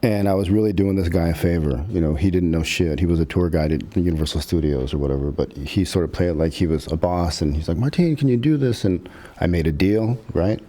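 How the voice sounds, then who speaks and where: A middle-aged man, a filmmaker guest on a podcast, telling stories casually in an animated, profane way and acting out quotes. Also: sits low, fast talker. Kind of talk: casual storytelling.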